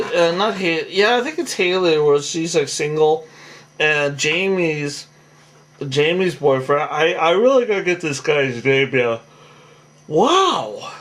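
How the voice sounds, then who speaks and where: Rambling, tired-sounding man recapping a show. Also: a little high. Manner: rambling, many fillers and restarts, chuckles. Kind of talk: casual recap monologue.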